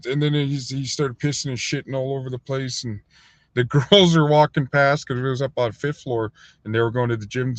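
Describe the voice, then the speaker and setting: A man casually telling a rambling, profane story on a livestream, full of fillers, sometimes acting out other people in a higher voice. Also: no echo. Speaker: livestream host. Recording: dull, lo-fi dry sound.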